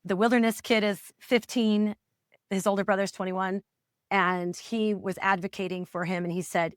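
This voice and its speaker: Une mère d'une quarantaine d'années, coach parentale, livre son témoignage avec franchise et émotion. Sa voix de hauteur moyenne est enregistrée au plus près, dans un son sec. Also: female voice, mid-range voice, fairly even intonation, moderate pace, no room sound, studio quality. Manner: earnest and emotional, acts out remembered dialogue. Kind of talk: candid personal storytelling in a podcast interview.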